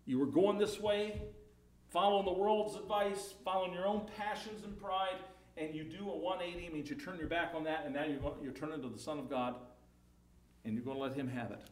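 A man's voice: a little high, a little fast. A man preaching a sermon, emphatic, his voice rising and falling in volume, often repeating words.

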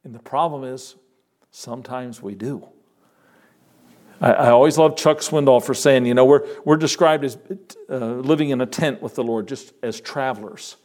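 A man's voice: medium pitch, normal speed. Urgent preacher, man. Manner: earnest, urgent preaching with sudden loud rises and soft drops. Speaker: pastor. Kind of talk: sermon.

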